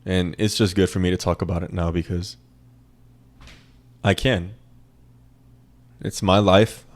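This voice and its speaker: Male podcast host, casual profane rant, repetitive for emphasis, low-pitched. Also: fairly even intonation, measured pace. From American South. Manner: profane, rambling, repeats lines for emphasis.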